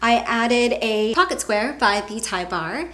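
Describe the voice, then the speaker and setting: A woman's voice: on the high side, animated, unhurried, pushed and bright. A woman presenting men's outfits in a fashion vlog, upbeat and enthusiastic. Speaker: fashion vlogger.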